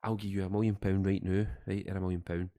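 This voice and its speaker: A man's voice: low voice, level tone, quick pace, dark tone. A Scottish man co-hosting a podcast, rambling and joking in casual chat. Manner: rambling, jokey, trailing off. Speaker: podcast co-host.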